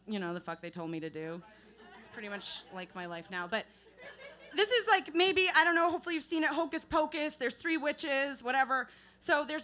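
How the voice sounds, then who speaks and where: A young woman working through a stand-up set at an open mic night. Her voice sits high and sounds bright and sharp. She tells self-deprecating stories loosely, with fillers, restarts and laughter. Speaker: stand-up comedian.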